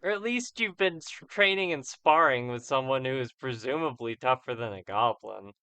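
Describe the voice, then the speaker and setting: A man's voice: mid-range voice, moderate pace, pushed and bright, clean tone. A man hosting a let's play of an old role-playing game, chatting casually with rambling asides. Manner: chatty, rambling, self-correcting.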